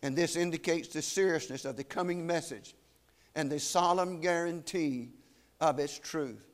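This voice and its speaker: A man preaching a sermon, solemn and emphatic, slowing down to weigh key phrases. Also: fairly high pitch.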